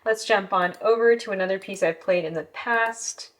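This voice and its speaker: A woman's voice: medium pitch, normal speed. A woman piano teacher explaining how she listens to a pianist, breaking down dynamics, articulation and tempo in an analytical way. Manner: analytical, hums and scats musical phrases.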